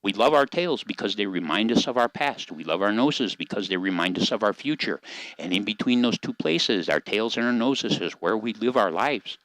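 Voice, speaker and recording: An older man voicing a wise, proud old male dog who leads the dogs, speaking slowly and solemnly. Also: on the low side, animated, a bit bright, dry recording, low-quality recording. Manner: slow, solemn, measured.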